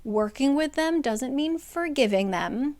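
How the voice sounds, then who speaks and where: A sardonic ancient fae warrior woman from a fantasy story lays down the law in flat, blunt terms, as a woman puts her on. The voice stays fairly high and close to everyday speech. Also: a little slow, dry recording. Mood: bossy.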